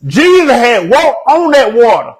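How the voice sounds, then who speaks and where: A comedian telling funny stories in an animated way, slipping into a put-on proper voice. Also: male voice, very high voice, unhurried, low-quality recording. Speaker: comedian guest. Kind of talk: comic storytelling.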